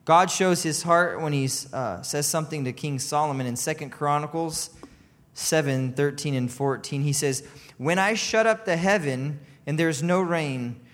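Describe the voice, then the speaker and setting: A man preaching a sermon with passion. He rises to loud cries and breaks off for chuckling asides. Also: a little high, moderate pace. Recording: long hall reverb.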